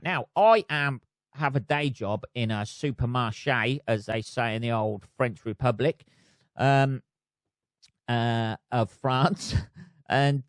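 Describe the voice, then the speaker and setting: A man's voice: mid-range voice, clean tone, no echo, clean studio sound. Sweary, rambling man. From United Kingdom. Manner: sweary, rambling, self-mocking. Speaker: podcast host. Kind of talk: casual solo rant. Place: flat.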